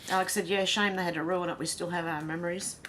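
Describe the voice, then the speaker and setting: A woman's voice: fairly low pitch, fairly even intonation, quick pace, noisy background. A woman with an Australian accent hosting a casual livestream, reading viewer comments aloud and chatting with a laugh. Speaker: livestream host reading chat. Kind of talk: casual chat.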